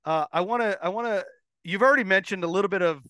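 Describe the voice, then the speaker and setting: A man hosts the interview in a chatty, teasing way, hesitating with fillers. His voice is high and bright, heard crisp and dry with no room echo. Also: quick pace. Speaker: podcast host. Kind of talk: casual interview chat.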